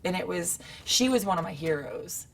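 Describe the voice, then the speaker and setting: A young woman wrestler telling stories in a casual interview, acting out quotes with sudden high bursts. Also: animated, normal speed, gravelly, background noise.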